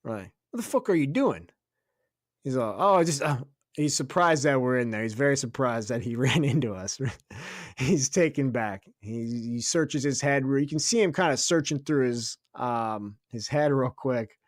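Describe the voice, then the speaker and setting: This is a studio-quality recording with no room sound of a young man of medium pitch co-hosting a podcast. He tells a profane story in casual chat, laughing along and briefly voicing other people.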